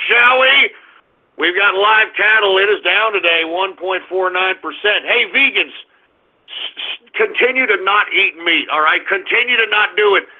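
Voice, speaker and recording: A man hosting an internet radio show, giving a market rundown in a brash, crude, mocking ranting style. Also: sits high. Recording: phone-like lo-fi audio.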